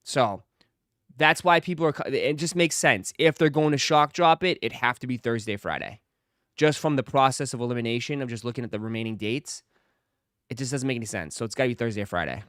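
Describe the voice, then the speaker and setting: Smooth-voiced man chatting with his stream. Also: medium pitch, a little fast, a bit bright, dry recording, clean studio sound. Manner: repeats phrases for emphasis; talks straight to his chat viewers. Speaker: livestream host. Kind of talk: casual livestream chat.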